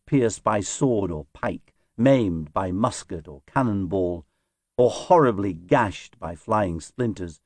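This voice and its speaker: A man's voice: lowish voice, no room sound. A man narrating a history story in a dramatic, storytelling manner with vivid emphasis.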